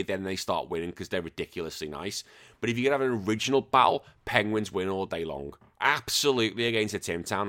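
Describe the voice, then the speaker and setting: Brief: male podcast host, thirties, low-ish voice, sweary jokey rants. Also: fairly bright tone. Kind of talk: casual chat.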